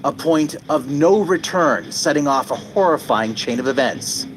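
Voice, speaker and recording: A man narrating a true-crime documentary in a measured, dramatic scripted delivery. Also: fairly high pitch, animated, background noise.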